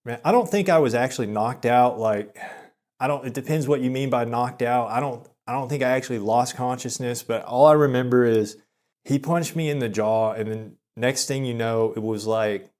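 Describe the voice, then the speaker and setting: A man in his thirties telling a personal story in a rambling, self-deprecating way, with many halting restarts. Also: mid-range voice, darkish tone. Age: 30s. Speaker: vlogger. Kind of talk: confessional storytelling monologue.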